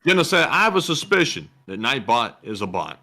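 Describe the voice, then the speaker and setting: A man's voice: mid-range voice, very animated, brisk, heavy background noise. A man co-hosting a live stream, reading donation messages aloud with dry asides.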